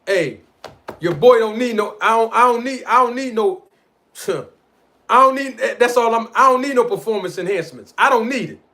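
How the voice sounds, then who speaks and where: A man's voice: very high-pitched, moderate pace. A man hosting a live stream, arguing his point about a boxing feud in slangy street talk and calling out to the people in his live chat. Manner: animated, argumentative, addresses live chat directly. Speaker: livestream host. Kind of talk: boxing commentary livestream.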